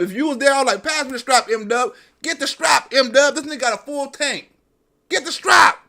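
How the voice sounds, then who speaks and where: A man's voice: sits high, fairly bright tone. A man hosting a livestream, delivering a profane, mocking comedic rant straight to his audience. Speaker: livestream host. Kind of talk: comedic political commentary rant.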